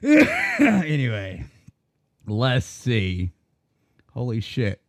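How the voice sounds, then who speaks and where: A man co-hosting a casual podcast chat, telling a story in an animated, profane way and laughing often. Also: mid-range voice, extremely slow, no echo, clean studio sound. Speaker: podcast co-host.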